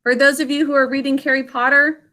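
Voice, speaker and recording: A woman teaching an online spelling lesson to children, speaking slowly and clearly. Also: sits high, level tone, sharp tone. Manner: slow, clear enunciation for children.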